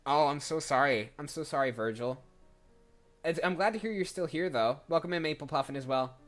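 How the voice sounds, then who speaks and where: Streaming his voice acting, a man makes relaxed, self-deprecating small talk with his audience. He speaks fairly quickly with a fairly high pitch, in casual livestream conversation.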